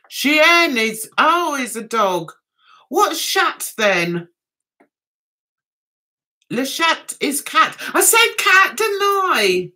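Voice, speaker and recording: A woman's voice: sits high, sing-song, drawn-out words, long pauses, sharp tone. A woman hosting a casual livestream chat, giggling and chatting as she reads out viewer comments and answers them. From England. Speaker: livestream host.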